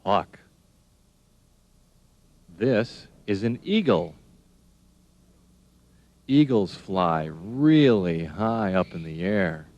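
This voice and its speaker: A man doing scripted narration for young children, speaking in a slow, sing-song, encouraging way and spelling words out letter by letter. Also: low-pitched, very animated, a little mellow.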